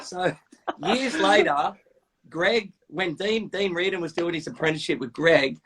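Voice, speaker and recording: A man, a podcast host telling tattoo-shop anecdotes in a chatty, animated way. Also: high-pitched, measured pace, noisy background. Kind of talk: casual storytelling.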